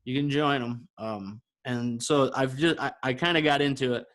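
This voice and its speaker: Speaking at normal speed in a mid-range voice, a man co-hosting a podcast shares his own story casually. He's an animated teller who performs the dialogue of each person he quotes.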